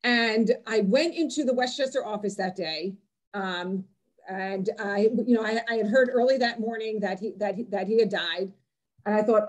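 A woman's voice: mid-range voice, normal speed. A woman presenting on a video call, talking in a loose, chatty way full of fillers and restarts. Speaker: presenter on Israeli music. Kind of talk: casual online talk.

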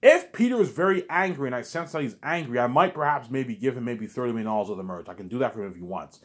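Husky, fast, rambling man. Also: mid-range voice, lively intonation. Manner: repetitive, drifts into talking to himself. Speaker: vlogger. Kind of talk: rambling casual monologue.

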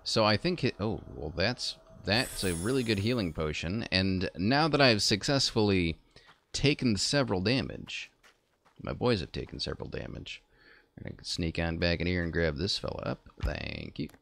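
A man's voice: deep voice, lively intonation, normal speed, vocal fry, fairly bright tone. A man streaming a game and chatting casually at his PC, rambling and correcting himself as he plays. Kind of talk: casual gameplay commentary.

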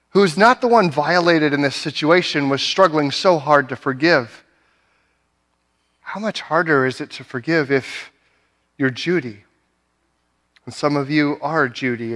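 A man's voice: on the high side, fairly bright tone. A young adult man preaching a sermon, telling a personal story earnestly, with many "right?" asides and restarts. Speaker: pastor. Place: church sanctuary.

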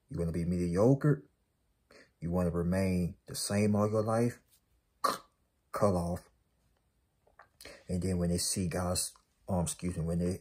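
A man with a low, husky voice delivers a preachy motivational monologue. He is emphatic and repetitive, calling out to his listeners as he drives his point home. His tone is dark and mellow. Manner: emphatic, repetitive, calls out to the audience. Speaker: spiritual motivational speaker.

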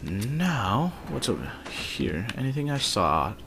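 A man's voice: lowish voice, huge pitch swings, slow pace, gravelly, background noise. A man commenting casually while playing a video game, politely addressing game characters and muttering curses. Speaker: gamer. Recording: loud keyboard typing behind.

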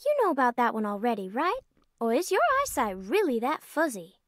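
A woman's voice: fairly high pitch, sing-song, brisk, dry recording, studio quality. A creepy teasing little girl. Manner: sweetly mocking, oddly formal. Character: eerie needling young girl.

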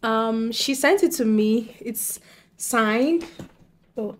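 Giggly, excitable young woman. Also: fairly high pitch, extremely slow. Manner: excitable, giggly, talks to her viewers directly. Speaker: book vlogger. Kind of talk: casual chat to camera.

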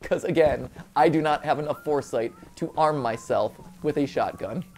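A man hosting a casual let's-play, excitable and joking, shouting at the game as he plays. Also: fairly high pitch, moderate pace, a little hiss or hum. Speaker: host. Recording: game music behind.

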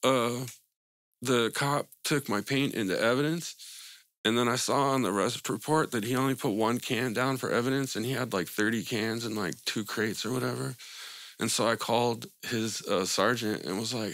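A man's voice: medium pitch, normal speed, fairly bright tone, no echo. A man telling stories in a casual interview, laid-back and full of profanity, laughing between anecdotes. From Albuquerque, New Mexico. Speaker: guest, graffiti artist.

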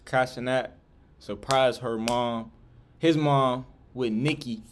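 A man's voice: medium pitch, steady tone, slow, a little hiss or hum. A young man giving casual, hyped reaction commentary in slangy street talk. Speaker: reaction streamer.

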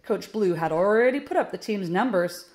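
Here a woman teacher shares a children's picture book and teaches subtraction along the way. Her mid-range voice is lively and a little mellow, and she keeps things slow and clear as she lays out the steps.

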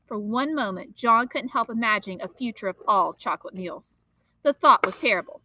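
A woman, a teacher, reading a children's novel aloud in an expressive, steady storytelling manner. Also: a little high, normal speed, lo-fi sound, slight background noise.

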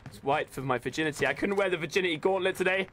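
A young man streaming a game live, bantering with his chat in an excitable, swearing way into a desk microphone. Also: on the high side, racing. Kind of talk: live gameplay commentary. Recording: noisy stream audio with clicks.

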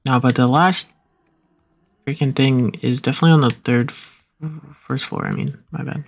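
Creaky-voiced man gaming casually. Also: medium pitch, moderate pace. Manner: excitable, swears mildly, laughs often. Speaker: gamer playing co-op horror game.

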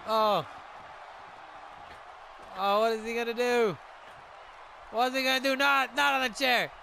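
A man giving excited play-by-play commentary on a wrestling video game match, shouting at the big moves. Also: very high-pitched, unhurried, gravelly, a little hiss or hum, poor audio.

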